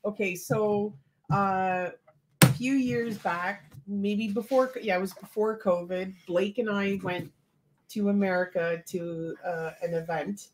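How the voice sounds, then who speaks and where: Woman, Canadian accent, chatty, giggly, halting restarts, casual livestream co-host. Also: medium pitch, fairly even intonation, noisy background. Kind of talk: casual chat.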